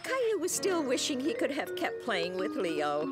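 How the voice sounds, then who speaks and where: A woman's voice: high-pitched, huge pitch swings, moderate pace. Woman narrating a preschool cartoon. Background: children's music.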